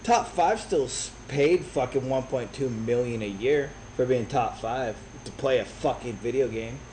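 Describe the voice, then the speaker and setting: A man in his thirties telling a brash, profane story in a casual, animated way. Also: medium pitch, measured pace, a little hiss or hum, low-quality recording. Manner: brash, profane, animated retelling with quoted voices. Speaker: streamer.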